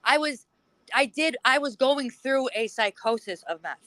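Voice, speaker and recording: A woman with a bright, forceful, slightly high voice talks bluntly in a casual interview. She swears freely and acts out old arguments in quoted voices. The recording is dry and close. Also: expressive, measured pace, no room sound, low-quality recording. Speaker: interview guest. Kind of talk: casual chat.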